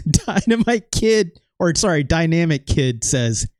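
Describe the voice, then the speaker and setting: A man's voice: on the high side, very animated, slow pace, a little mellow, no echo. Man doing laid-back game commentary: rambling, self-deprecating, dry close sound. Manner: rambling, self-deprecating, lots of filler and trailing off. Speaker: let's play host. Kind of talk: casual gameplay commentary.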